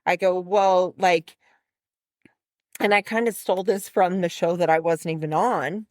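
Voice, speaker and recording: A woman's voice: fairly low pitch, steady tone, measured pace, darkish tone, dry recording. A woman co-hosting a podcast, telling a story in a casual chat and acting out both sides of the conversation. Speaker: podcast co-host.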